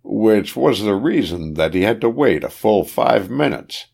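Deep gravelly male audiobook narrator. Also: lively intonation, a little mellow. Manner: measured, gives characters raised voices in dialogue. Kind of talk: scripted narration of a period detective novel.

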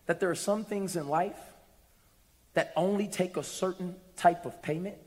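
A man voicing the Holy Spirit, speaking gently and patiently in soft questions. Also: sits high, moderate pace, natural voice. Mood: gently questioning. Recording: echoey hall.

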